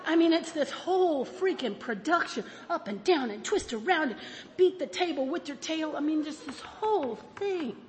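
High-voiced woman telling her story. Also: moderate pace, in a large hall, a little hiss or hum. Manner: animated, self-mocking, laughs often. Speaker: recovery meeting speaker. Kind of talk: personal storytelling talk.

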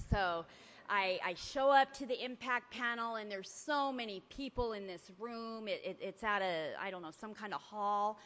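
A woman's voice: medium pitch, normal speed, fairly bright tone. A woman telling her recovery story to a meeting in an earnest way, acting out the voices of the people in it. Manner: earnest storytelling that acts out remembered talk. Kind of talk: personal testimony to a recovery meeting. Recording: long hall reverb.

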